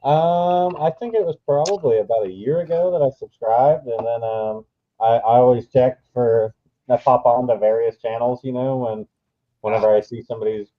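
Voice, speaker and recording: A man's voice: mid-range voice, moderate pace, phone-quality sound. A man from Nebraska joining a live stream, talking hesitantly with a lot of ums. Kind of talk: casual chat. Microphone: weak stream mic.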